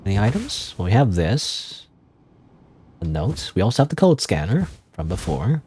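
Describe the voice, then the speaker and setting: A low-pitched man playing through a game on stream, musing out loud in a loose, rambling manner. His voice moves a lot, rising and falling freely as he reacts and wonders. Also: sing-song, moderate pace, slight background noise. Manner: rambling, thinking aloud, casual. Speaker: gaming streamer. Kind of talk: let's play commentary.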